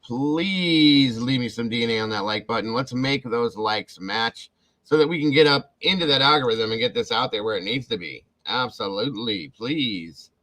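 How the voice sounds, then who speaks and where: A man's voice: medium pitch, moderate pace, rough recording. A man hosting a casual livestream, greeting viewers by name and thanking them effusively. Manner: warm, effusive, calls out viewer names. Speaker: livestream host.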